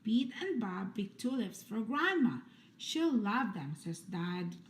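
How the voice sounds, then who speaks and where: Slow, lively woman reading aloud. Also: mid-range voice, a little hiss or hum. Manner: slow, lively, sing-song read-aloud voice. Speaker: storybook reader. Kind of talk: reading picture books aloud to children.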